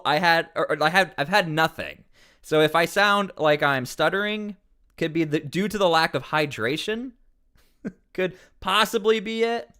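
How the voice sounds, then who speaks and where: A man's voice: fairly high pitch, pushed and bright, clean tone. A man commenting on news during a casual livestream, rambling with many fillers and restarts.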